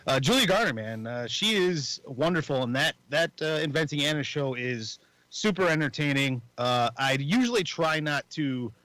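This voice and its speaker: A man's voice: a little high, animated, moderate pace, fairly bright tone, dry recording, low-quality recording. Rambling man co-hosting a podcast. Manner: rambling, swearing, many restarts. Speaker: podcast co-host. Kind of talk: casual chat.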